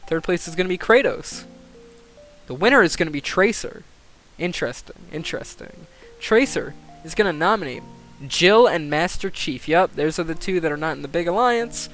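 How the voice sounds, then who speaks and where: Excitable young man streaming, high voice. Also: moderate pace, faint music behind. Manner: excitable, swears, laughs, thinks aloud. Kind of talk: live-stream commentary on a game simulation.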